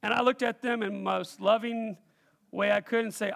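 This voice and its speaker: A male pastor with a very high, gravelly voice preaches to his church. His tone is bright and sharp, and he calls out questions to the congregation and acts out the voices of the people he quotes. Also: fairly even intonation, moderate pace. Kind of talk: sermon.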